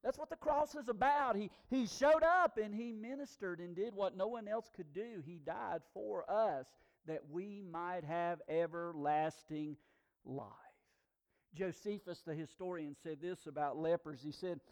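High-voiced preacher, hushed to booming. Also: male voice, a little slow. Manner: swings from hushed to loud emphatic declarations. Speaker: pastor. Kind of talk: sermon.

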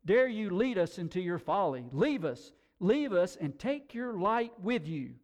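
Angry storybook cave dweller, harsh and loud, a bit high read by a male preacher. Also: sing-song, a little slow.

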